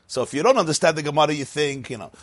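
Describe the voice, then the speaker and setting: Animated, husky-voiced man teaching Talmud. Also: fairly high pitch, racing. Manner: lively storytelling with laughing asides; mixes Hebrew and Yiddish terms into English. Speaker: Torah teacher. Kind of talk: Talmud and Chassidus class.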